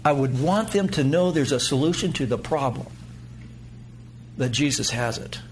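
A man preaching a sermon as pastor to his congregation, emphatic, rising to loud peaks and dropping low. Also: lively intonation, normal speed, slight background noise.

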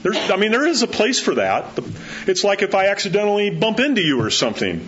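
A middle-aged man preaching in a loose, conversational sermon, his voice leaping up in pitch when he presses a point. The recording sounds slightly dull and muffled, with a faint hiss of noise underneath. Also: quick pace. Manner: conversational, animated, acts out quotes with rising pitch. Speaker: pastor.

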